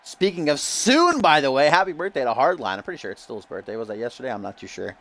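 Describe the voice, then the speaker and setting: A man's voice: medium pitch, big pitch swings, fast, creaky, a bit bright. Upbeat casual male wrestling commentator. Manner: upbeat hype, loose and casual with frequent "uh". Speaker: streamer and show commentator. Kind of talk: wrestling-show commentary on a game stream.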